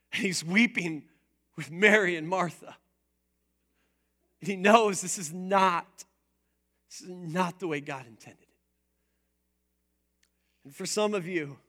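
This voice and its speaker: A man delivers a sermon with lively, playful energy and calls on his listeners to answer back. His voice sits high and bright. He takes his time over each phrase. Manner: animated, playful preaching with call-and-response. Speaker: pastor.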